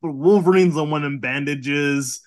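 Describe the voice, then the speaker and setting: A man's voice: a little high, crowd noise. Laughing man recapping a cartoon. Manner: laughs often, retells scenes with quick acted quotes. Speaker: podcast co-host. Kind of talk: casual chat recapping a cartoon episode.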